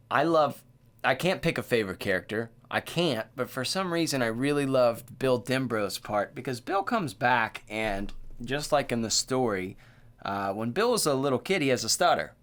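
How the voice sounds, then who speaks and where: A man co-hosting a horror podcast, talking in a loose, profane, excitable way and filling his speech with "like" and "dude.". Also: mid-range voice. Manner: animated, profane, full of "like" and "dude". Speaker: podcast co-host. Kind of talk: casual chat.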